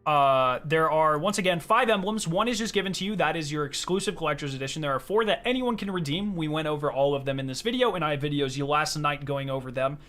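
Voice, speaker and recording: A young man streaming live, chatting casually and excitedly with his chat, reading their questions aloud and answering them. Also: a little high, quick pace, few pauses, soft background music.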